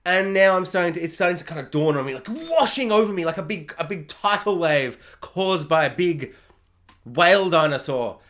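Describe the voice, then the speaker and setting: A man reviewing a film in a loose, rambling rant. His voice sits high and swings widely, and he keeps cutting himself off and breaking into goofy voices. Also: normal speed. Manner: rambling, excitable, self-interrupting, slips into silly character voices. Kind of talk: casual video review.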